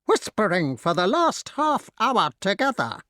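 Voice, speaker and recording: A man voicing a shrill, tattling pet crow in an audiobook, shrieking and whining. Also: huge pitch swings, measured pace, bright, forceful tone, no echo, clean studio sound, heavily acted. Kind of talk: audiobook character voice.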